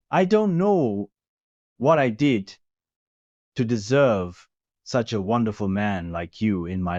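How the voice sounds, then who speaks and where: A man voicing a tender, affectionate young man in love, speaking softly and sentimentally. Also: fairly low pitch, no echo. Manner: soft, gushing and sentimental. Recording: dull lo-fi recording.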